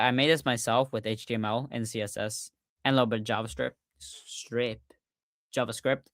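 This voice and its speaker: A man hosting a casual livestreamed podcast, talking excitedly and often restarting his sentences with fillers. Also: mid-range voice, dry recording, clean studio sound. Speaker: podcast host.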